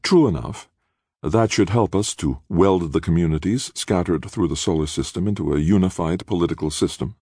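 A man's voice: sits low, normal speed, mellow, husky, no room sound, studio quality, voice pushed up. A man reading an audiobook, voicing an eager, earnest woman from another world. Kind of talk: audiobook character voice.

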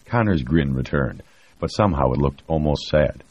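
A man reading a novel aloud in a steady, measured scripted narration. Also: extremely low pitch, slightly rough. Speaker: audiobook narrator. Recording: dry, dull lo-fi recording.

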